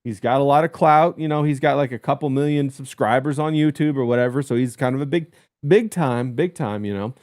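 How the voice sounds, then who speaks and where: A man's voice: mid-range voice, a little fast, a little mellow, no echo, clean studio sound. A man hosting a podcast, telling a story in a crude, rambling way with lots of "uh" and "like". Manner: crude, storytelling rant with frequent fillers. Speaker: podcast host. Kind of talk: casual podcast chat.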